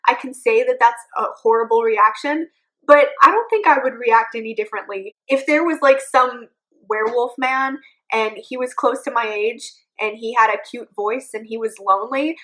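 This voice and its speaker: A young woman recaps a book in a casual, sarcastic vlog manner, with jokey asides. Her voice is on the high side. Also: normal speed, a bit bright, low-quality recording. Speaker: book reviewer.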